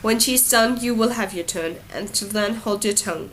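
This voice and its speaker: A woman voicing a gruff, weary bearded king who speaks impatiently and blusters, in an audiobook reading. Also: mid-range voice, moderate pace, fairly bright tone, close to an everyday voice, rough recording.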